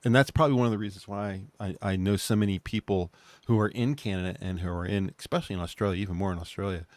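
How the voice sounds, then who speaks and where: A man's voice: deep voice, quick pace, a little mellow, no room sound. A man co-hosting a casual online group chat, talking in a rambling, easygoing way. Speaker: co-host.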